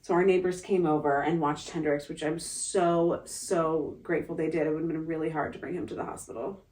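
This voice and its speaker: A woman's voice: sits low, little pitch movement, brisk, a little mellow, far from the mic. A young woman telling an emotional family story in a vlog, talking casually with many fillers and restarts.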